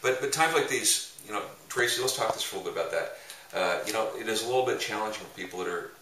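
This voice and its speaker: Low-voiced man in an echoey room. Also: expressive, fast. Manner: rambling, heavy with filler sounds. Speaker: evangelism ministry leader. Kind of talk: casual teaching talk with anecdotes. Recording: roomy echo, mic at a distance, faint noise.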